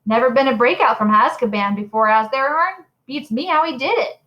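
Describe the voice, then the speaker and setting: A woman voicing an excitable, gossipy young male bus conductor with slangy, jumpy talk. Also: high-pitched, brisk, highs cut off, lightly acted.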